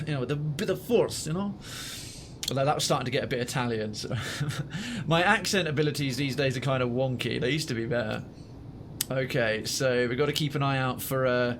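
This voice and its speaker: A man's voice: medium pitch, a little fast, slight background noise. A man giving casual, jokey commentary while playing a game, thinking aloud and swearing now and then. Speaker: let's play streamer.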